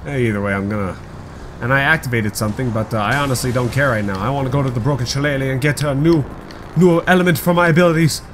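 A man doing excitable let's play commentary, rambling and swearing often. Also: medium pitch, quick pace, a little hiss or hum. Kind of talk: gameplay commentary.

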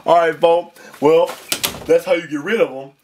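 A laid-back male cartoon dinosaur talks in lazy street slang, calling everyone folks, as a man voices him. His voice sits high, and he drawls through the puppet skit. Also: fairly even intonation, moderate pace, darkish tone, a little hiss or hum, natural voice. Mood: drowsy.

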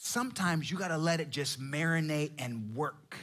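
A male pastor delivers a sermon with lively, conversational energy, dropping slang and jokes as he goes. His voice sits on the higher side for a man, and he speeds up when he gets excited. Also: moderate pace.

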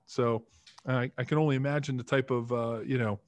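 Chatty man telling animated stories. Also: mid-range voice, fairly quick, dry recording. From Philadelphia area, United States. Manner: chatty, animated storyteller acting out quotes. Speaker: podcast guest, former football lineman. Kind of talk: casual storytelling interview.

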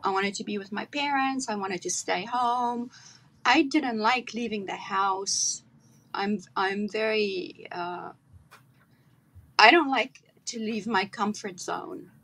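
A woman from South Africa, an actress chatting as a guest on a video call, telling stories with animated delivery. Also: mid-range voice, slow, poor audio. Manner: animated storyteller, acts out her own accent. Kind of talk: casual interview chat.

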